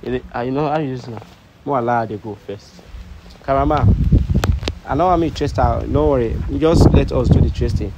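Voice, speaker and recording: A man's voice: medium pitch, brisk, background noise. A man with a Nigerian Pidgin accent hosting a comedy skit, pleading and soothing, repeating himself. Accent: Nigerian Pidgin English.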